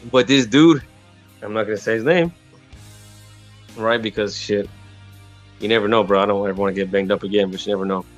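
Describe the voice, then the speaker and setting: Low-voiced man telling a rambling story. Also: fairly even intonation, brisk, pauses often, soft background music. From Texas. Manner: slangy, rambling, frequent fillers and restarts. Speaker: podcast co-host telling a story. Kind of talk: casual storytelling chat.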